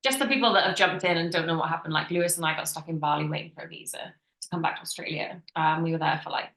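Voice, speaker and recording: A young woman co-hosting a podcast, talking in an easy, chatty way and slipping into quoted voices as she tells her stories. Her voice sits a little low. The room adds a noticeable echo. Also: racing, fairly bright tone. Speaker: podcast co-host. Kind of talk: casual chat.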